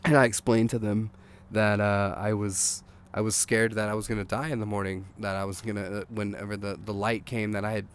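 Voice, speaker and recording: A man, a songwriter guest, telling a rambling anecdote in a casual, animated way, swearing and acting out what people said. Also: fairly low pitch, a little fast. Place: outdoors.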